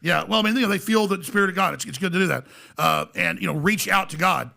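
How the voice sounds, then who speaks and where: Casting note: a rambling studio guest with a very gravelly, bright voice. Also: male voice, sits high, big pitch swings, quick pace. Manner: rambling, restarts, acts out voices. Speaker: podcast guest. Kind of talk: animated storytelling.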